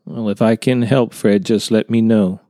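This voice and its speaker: A man's voice: lowish voice, fairly even intonation, normal speed, dark tone, no echo, studio quality, lightly acted. A man voicing an earnest young contractor who tells his story hesitantly in a storybook reading. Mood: polite. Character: earnest younger male contractor, unsettled by a sighting.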